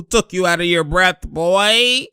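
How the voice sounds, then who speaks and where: A young man giving excited, animated commentary over basketball highlights, laughing often and shouting at the plays. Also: smooth, no room sound, clean studio sound.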